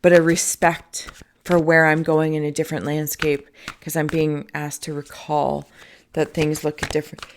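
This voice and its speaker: Low-voiced dreamy woman giving a spiritual reading. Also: level tone, normal speed, slight background noise. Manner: meandering, dreamy, self-correcting, drifting into soft whispers. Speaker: tarot and tapestry reader.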